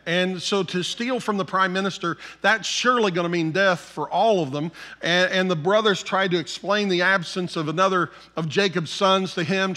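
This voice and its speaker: A man's voice: high voice, sharp tone. A middle-aged man, a pastor, preaching a sermon, telling the story in a conversational way with asides to his listeners.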